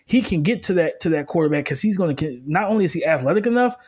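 A man co-hosting a casual sports podcast, giving energetic, quick football breakdowns with frequent restarts. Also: high-pitched, breathy edge. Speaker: co-host, football analyst. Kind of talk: casual sports analysis chat.

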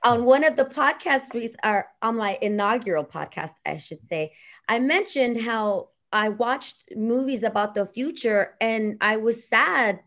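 A woman runs this podcast interview with an upbeat, teasing warmth for her guest. Her voice sits a little high, and she gushes with enthusiasm. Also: lively intonation, unhurried. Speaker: podcast host. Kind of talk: casual interview.

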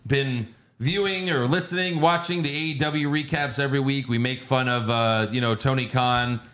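A man hosting a casual podcast, reading out plugs and recapping matches in a relaxed, matter-of-fact way. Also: mid-range voice, moderate pace. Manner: laid-back, reads out plugs and recaps matter-of-factly. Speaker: podcast host. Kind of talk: casual chat and show plugs.

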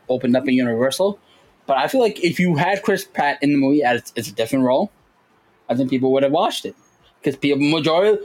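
A man co-hosting a casual podcast chat, animated and jumping into high voices when he quotes people. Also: poor audio. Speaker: podcast co-host.

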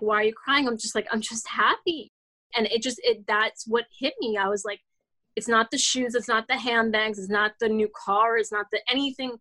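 A woman's voice: on the high side, pushed and bright, low-quality recording. A woman in her forties, a children's author, telling her story as an interview guest in a casual, earnest way, with many restarts and "like" fillers. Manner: rambling, frequent "like" fillers and restarts.

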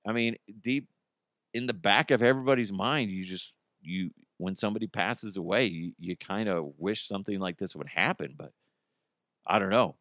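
A man's voice: on the low side, fairly bright tone, dry recording, studio quality. A man hosting a casual solo podcast, rambling and cursing freely, with many restarts and broken-off sentences. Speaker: podcast host.

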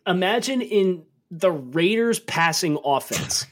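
A man co-hosting a football podcast, talking through draft takes in a measured, analytical way. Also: high-pitched, very animated. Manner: measured analysis, turns incredulous and emphatic when joking. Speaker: podcast co-host. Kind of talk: casual sports podcast chat.

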